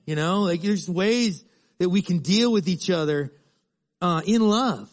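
A man's voice: sits high, expressive, normal speed. A middle-aged male pastor preaching a sermon in a conversational way, acting out little dialogues.

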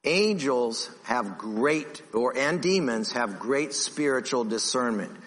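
Bright-voiced preacher in an echoing hall. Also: male voice. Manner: animated, acts out the voices of his stories, then drops low for emphasis. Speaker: pastor. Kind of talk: sermon. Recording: long reverb of a church hall.

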